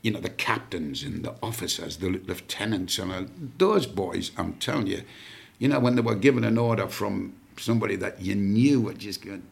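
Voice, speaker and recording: A man's voice: fairly low pitch, expressive, moderate pace, gravelly, darkish tone, breathy edge. An older man in his seventies, a rock singer as guest, rambling through anecdotes with many fillers and casual swearing. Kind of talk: casual storytelling chat.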